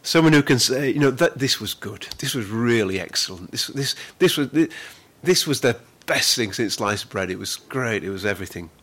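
A male pastor preaches in an earnest, conversational way at a middle pitch. He often repeats words as he gathers his thoughts. He slows right down to lean on the scripture he quotes. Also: animated, a bit bright. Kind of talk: sermon.

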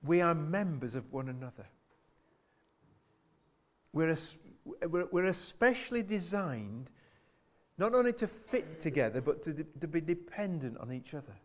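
A slightly high, very animated male voice carries this earnest sermon at a somewhat slow pace. The preacher repeats phrases frequently and asks his congregation rhetorical questions.

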